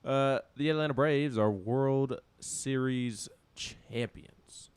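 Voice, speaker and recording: A man's voice: mid-range voice, slow pace, clean tone, dry recording. A man co-hosting a casual sports talk show, rambling with many restarts and laughing at himself. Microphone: studio microphone.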